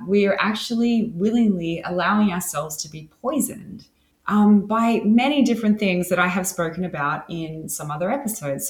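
A woman hosting a solo wellness podcast, talking enthusiastically and laughing often between her points. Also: fairly low pitch. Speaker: podcast host. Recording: roomy echo.

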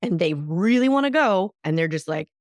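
A woman hosting a solo self-help podcast, talking in a lively coaching tone. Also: fairly low pitch, moderate pace, dry recording. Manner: lively coaching tone, acts out imagined reactions. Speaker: podcast host.

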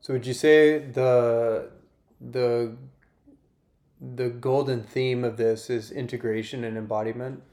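A man hosts a relaxed podcast chat at a middle pitch. He affirms what his guest says and asks reflective questions that sum up the ideas. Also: takes it slowly. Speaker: podcast host. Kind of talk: casual podcast conversation.

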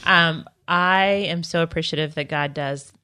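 A woman with a Southern accent chats about faith in an earnest, reflective way, often pausing and restarting. Her voice is lowish and bright, with a forceful edge. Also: steady tone, clean tone. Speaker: podcast co-host. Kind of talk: casual faith chat.

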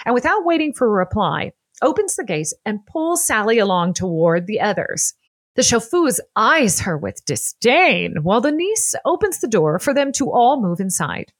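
A woman narrating a scripted history podcast in an expressive, playful way. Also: on the high side, moderate pace, husky, no echo. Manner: expressive and playful, laughs often.

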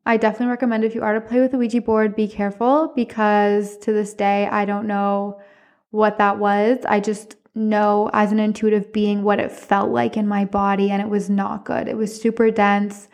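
A woman hosting a podcast, telling personal stories in a casual, expressive way with frequent laughter. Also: mid-range voice, normal speed. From Canada. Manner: expressive, chatty, laughs often; speaks candidly, with some swearing. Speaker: podcast host.

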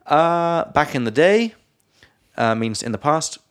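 A man's voice: a little high, animated, takes it slowly, clean tone. Laid-back Englishman teaching vocab. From England. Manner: laughing, loose and playful, drops into silly voices. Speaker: podcast co-host, English teacher. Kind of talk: casual chat, explaining vocabulary.

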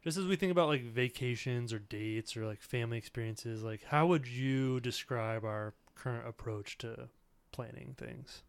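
A man in his thirties talks things through in an earnest, reflective tone, often leaning on filler words. His voice is smooth and resonant, at an ordinary pitch. The sound is close and dry, with no room echo. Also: moderate pace, hardly any pauses. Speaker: podcast host. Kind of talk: casual conversational podcast.

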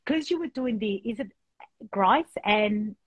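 A middle-aged woman, a podcast guest, speaking frankly and in an animated way as she tells her own story in a candid interview. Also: medium pitch, unhurried, slightly rough, no echo.

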